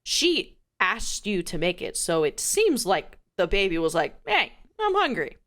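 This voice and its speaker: A woman's voice: lowish voice, unhurried. A young woman co-hosting a podcast, chatting casually, teasing her co-host and acting out people's lines. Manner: animated, teasing, acts out quotes. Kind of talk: casual chat.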